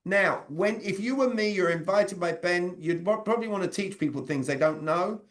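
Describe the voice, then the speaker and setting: A man, leading an interactive sales communication training over a video call and quizzing his audience. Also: sits high. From Britain. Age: 40s. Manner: energetic, quizzes the audience with quick questions.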